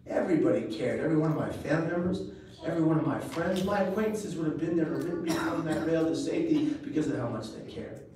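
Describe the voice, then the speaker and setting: A man's voice: a little high, fast, a little hiss or hum. Man speaking live, heard from far off in an echoey room. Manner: earnest storytelling with jokes, swings from quiet to loud. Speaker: public speaker. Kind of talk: live motivational speech. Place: large event room.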